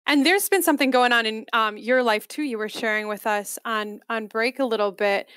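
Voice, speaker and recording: Clear-voiced woman interviewer. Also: a little high, a bit bright, dry recording, clean studio sound. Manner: hesitant, halting questions.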